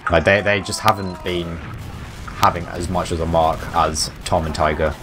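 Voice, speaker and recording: A low-voiced man breaks down the plays as esports co-caster, thinking aloud in a loose, casual way. A faint hum sits under his headset mic. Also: little pitch movement, moderate pace. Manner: casual analytical, frequent "like" and restarts. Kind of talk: color commentary.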